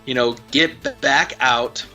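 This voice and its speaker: A man's voice: mid-range voice, a little slow, pushed and bright, faint music behind. A man guest telling a casual, rambling story full of fillers. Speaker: interview guest.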